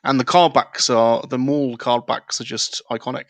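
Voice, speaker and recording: Gravelly-voiced man, eager collector chat. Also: medium pitch, steady tone, moderate pace, dry recording. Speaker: co-host. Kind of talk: casual chat.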